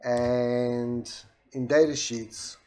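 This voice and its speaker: A man walking through a software demonstration in a steady explanatory way, with a soft voice that does not carry far. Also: medium pitch, extremely slow. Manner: steady explanatory, with restarts and voice commands. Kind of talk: screen-recorded product demo.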